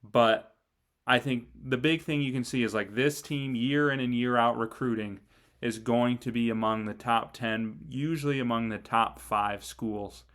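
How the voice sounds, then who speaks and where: A man co-hosting a sports talk show, speaking in a relaxed conversational way with frequent filler words. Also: medium pitch, measured pace. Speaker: sports podcast co-host.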